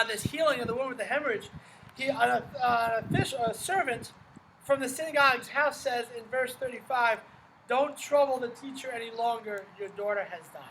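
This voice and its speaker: A man teaches a casual Bible lesson outdoors under an umbrella while it rains, chatting conversationally, asking rhetorical questions and frequently adding "right?" His very high voice has a sharp tone, and the rough recording carries a little hiss or hum.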